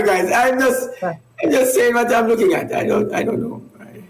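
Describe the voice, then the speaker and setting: Halting man co-hosting radio, echoey. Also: sits high, animated. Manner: halting, repeats words, laughs easily. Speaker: radio show co-host. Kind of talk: casual radio talk show chat.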